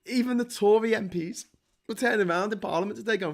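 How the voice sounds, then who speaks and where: A man's voice: high voice, fast talker, vocal fry. A British man hosting a livestream, reading out chat and ranting about politics, heated, sarcastic and constantly swearing. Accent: British English. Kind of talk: casual political rant.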